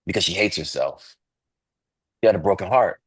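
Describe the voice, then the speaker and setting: A man's voice: deep voice, animated, moderate pace, a bit bright, slightly rough, no room sound. A man in his thirties, earnest and emphatic, talking as a podcast co-host. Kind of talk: casual podcast talk.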